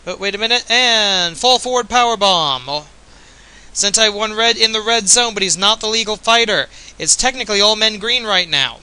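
Male play-by-play commentator, high voice, piercing bright tone, chatty and offhand, slightly tipsy. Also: fairly quick, clean tone, rough recording. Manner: chatty, offhand, jokey asides. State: a bit tipsy.

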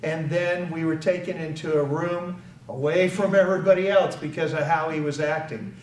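A man's voice: on the high side, steady tone, moderate pace, slight background noise. An older American man giving an earnest public speech, telling a personal story and acting out the voices of the people in it. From United States. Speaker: speaker. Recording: echoey hall from far off, faint ambience.

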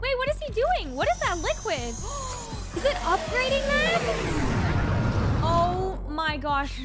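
Woman, reaction host, gasping and laughing, lively swooping voice. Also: very high voice, takes it slowly. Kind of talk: excited reaction commentary. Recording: loud music over the voice.

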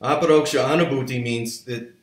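A man's voice: medium pitch, steady tone, a little fast, roomy sound. A man teaching yoga history in a lecture, telling it as a story and acting out people's reactions.

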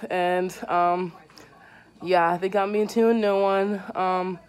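A woman's voice: medium pitch, flat delivery, normal speed, clean tone. A young woman talking candidly into a handheld phone for her vlog, rambling and swearing freely. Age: young adult. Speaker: vlogger. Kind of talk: casual handheld vlog to camera. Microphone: handheld phone camera.

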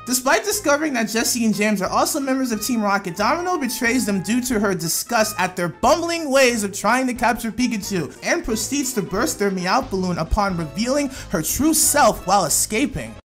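A YouTube host reading out a list of anime facts from a script and calling out each fact number loudly. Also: medium pitch.

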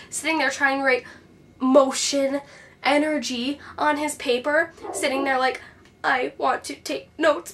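A woman's voice: high voice, a bit bright, distant mic. A woman playing a bitter, depressed teenage girl who vents sarcastically in a scripted video-diary monologue. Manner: sarcastic, exasperated storytelling.

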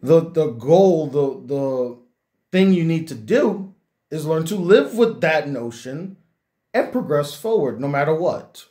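A young YouTube critic speaks to the camera earnestly and reflectively, often repeating words while he gathers his thoughts. His voice is a little high, animated and mellow, and he talks slowly. It's a heartfelt address to his viewers.

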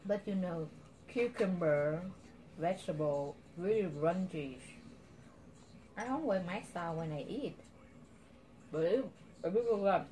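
A woman with a Vietnamese accent, a little low in pitch, chatting casually over a meal at home. She flips between broken English and Vietnamese and teases. A faint hiss sits under her voice. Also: lively intonation, measured pace, pauses often, dark tone. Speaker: vlogger. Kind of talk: casual mealtime chat.

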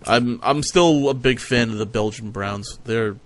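A man's voice: mid-range voice, unhurried, a little hiss or hum. Profane sardonic man commentating a game. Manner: profane, sardonic, thinks out loud. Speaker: game streamer. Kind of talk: casual gameplay commentary.

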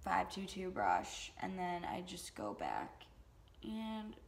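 Slow-talking young woman vlogger. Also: on the low side, big pitch swings, vocal fry. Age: young adult. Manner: chatty, goofy joking asides. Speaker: beauty vlogger. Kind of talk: casual makeup tutorial.

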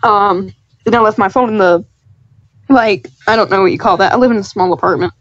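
A woman's voice: mid-range voice, brisk, no echo. A young woman chatting casually as a podcast guest, rambling through stories and giggling often. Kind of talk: casual chat. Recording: dull dry lo-fi mic.

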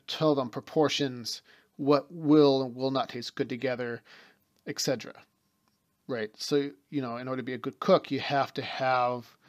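A man giving a spoken lecture as teacher of a mystery school, explaining ideas through everyday examples and talking in fits and starts. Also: medium pitch.

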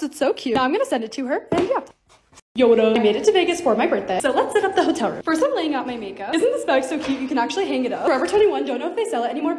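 A woman's voice: high voice, darkish tone, slight background noise. A woman in her twenties narrating a casual lifestyle vlog, bubbly and gushing over cute things. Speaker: lifestyle content creator.

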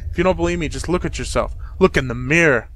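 A frightened young man pleads with and accuses his brother, his voice pitched a touch high as a man reads him out. He sounds shaken and insistent in a horror game scene. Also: fast, a bit bright, poor audio. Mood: accusing.

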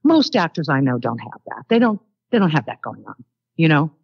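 An older actress chatting as an interview guest, telling rambling anecdotes full of fillers. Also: female voice, low-pitched, very animated, fairly quick, vocal fry, husky, dry recording, muffled recording. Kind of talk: casual interview storytelling.

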